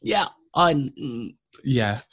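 A man's voice: mid-range voice, very animated, drawn-out words, fairly bright tone, husky. A man co-hosting a podcast in casual chat, agreeable and chatty, often restarting his sentences. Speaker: podcast co-host.

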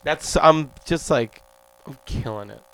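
A man's voice: medium pitch, a little slow, vocal fry, fairly bright tone. A man co-hosting a podcast in casual chat, rambling and laughing often. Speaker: podcast co-host.

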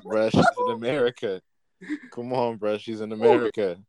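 A man's voice: medium pitch, moderate pace, over a noisy crowd. A man in casual podcast chat, laid-back and laughing, who reads out a statement and comments on it. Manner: laid-back, laughing, calls people "bro".

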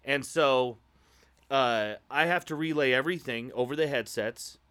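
Casual male storyteller from Iowa, animated, profane, pitch spikes when reliving the panic. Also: normal speed. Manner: animated, swears, voice jumps high when retelling his outburst. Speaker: improv show performer telling a story.

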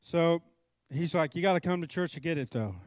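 A middle-aged man preaching with a storyteller's flair, acting out every voice in his anecdote. His voice sits at a middle pitch and swings between hushed asides and sudden loud bursts. The recording is close and dry, with no room around it. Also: brisk, no echo. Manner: animated storyteller, acts out both sides of dialogue. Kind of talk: storytelling sermon.

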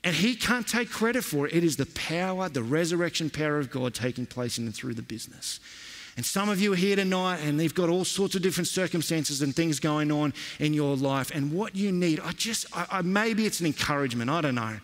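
A man preaching a sermon, telling stories in a lively, conversational way. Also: fairly high pitch, fairly quick. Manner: storytelling, animated and conversational. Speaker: pastor. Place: church hall. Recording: long reverb of a church hall.

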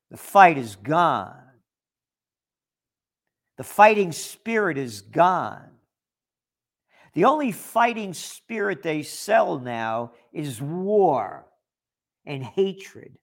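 A man ranting in political commentary, sarcastic and emphatic. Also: fairly high pitch.

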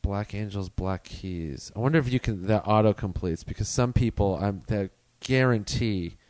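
A man in relaxed podcast chat, rambling and swearing as he talks. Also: on the low side, moderate pace. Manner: laid-back, swearing, rambling. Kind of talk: casual chat.

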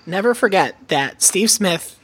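A man co-hosting a podcast in casual chat, animated and putting on voices for mock quotes. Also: sits high, measured pace, breathy edge. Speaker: podcast co-host.

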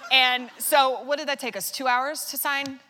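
A woman guest author in a live onstage conversation, telling rambling, self-deprecating stories full of quick imitations. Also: high-pitched, fairly even intonation, long reverb tail, heavy background noise. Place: theater stage before a live audience.

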